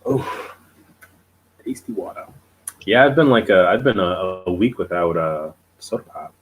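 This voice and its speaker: A man's voice: low-pitched, expressive, moderate pace, a little hiss or hum, poor audio. A man co-hosting a casual live-stream chat, joking and self-deprecating and chuckling often. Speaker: co-host.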